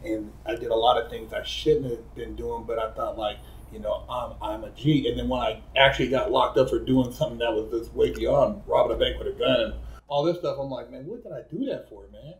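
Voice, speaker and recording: A man's voice: medium pitch, steady tone, a little fast. A man hosting a casual interview, talking in easygoing street slang and often repeating words as he starts a question. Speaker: interview host. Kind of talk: conversational interview. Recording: echoey room.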